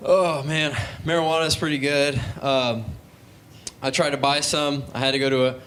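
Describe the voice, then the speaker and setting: A man's voice: on the high side, flat delivery, moderate pace, a bit bright. A young man doing a stand-up comedy set on a comedy club stage, telling stories in a laid-back way and acting out voices. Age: young adult.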